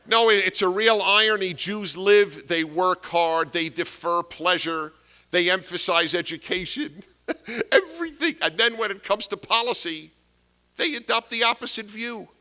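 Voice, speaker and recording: Bright-toned emphatic man lecturing. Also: sits high, expressive, a little slow. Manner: emphatic, rhetorical questions, repeats key phrases. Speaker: speaker giving a talk. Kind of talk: political lecture to an audience.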